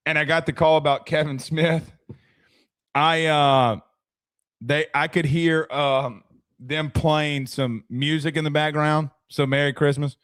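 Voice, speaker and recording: A man's voice: fairly high pitch, steady tone, unhurried, a bit bright, clean tone, no room sound, clean studio sound. A young man hosting a casual sports talk stream, chatty, thanking viewers and often restarting his sentences. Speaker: sports podcast host.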